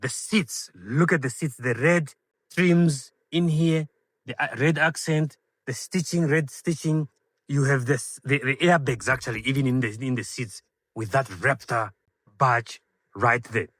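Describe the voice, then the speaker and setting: In a dry, studio-quality recording, a man with a mid-range voice takes his time walking around a car. He's enthusiastic as he shows off features, filling his speech with fillers and calling the audience ladies and gentlemen.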